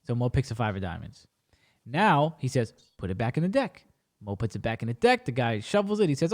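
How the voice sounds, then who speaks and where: This podcast host has a medium-pitched voice and a brisk delivery. He tells a casual, animated story, voicing the other characters himself.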